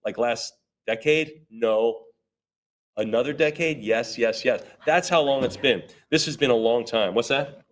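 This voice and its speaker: Joking man calling an auction. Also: mid-range voice. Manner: rapid repetitive bid chant with joking asides. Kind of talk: live auction bid calling.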